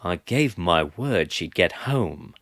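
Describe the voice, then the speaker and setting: A man doing a blunt, gruff young man. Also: deep voice, animated, slow pace, a bit bright, dry recording, studio quality, full character voice. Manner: blunt, clipped.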